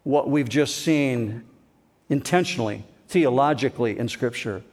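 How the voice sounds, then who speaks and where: A man's voice: medium pitch, a little slow, a little mellow. A male pastor delivering a sermon, conversational yet strongly emphatic, leaning hard on key words.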